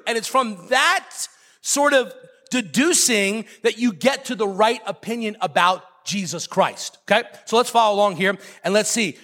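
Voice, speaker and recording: A high, slightly bright male voice fills a big room as a pastor delivers his sermon. He is emphatic and repetitive, hammering key phrases and joking with his congregation.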